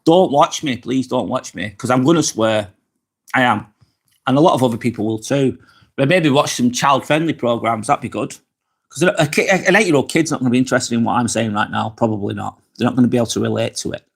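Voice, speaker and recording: A middle-aged man chats on a laid-back livestream from his apartment, going through viewer comments and cursing freely in a frank, open way. He has a gravelly, husky, mid-range voice and talks a little fast.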